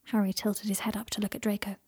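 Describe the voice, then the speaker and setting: A woman softly reading a romance story aloud in a hushed, narrating voice. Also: medium pitch, flat delivery, quick pace, slightly rough. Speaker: reader. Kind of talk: fan fiction audiobook reading.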